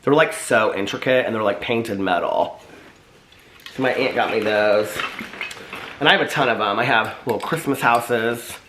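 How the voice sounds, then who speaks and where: A man vlogging casually to his viewers, chatty and animated, often asking them if they can see what he holds up. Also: lowish voice, moderate pace, roomy sound, a little hiss or hum. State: out of breath. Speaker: vlogger showing old Christmas keepsakes. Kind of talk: casual chat to camera.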